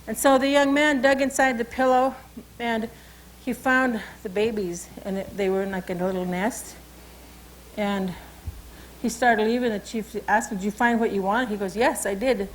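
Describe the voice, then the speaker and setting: Storytelling Salish woman, higher voice. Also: fairly even intonation, normal speed, rough recording. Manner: informal, repeats "you know" and "okay". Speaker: cultural educator. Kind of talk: oral storytelling and teaching.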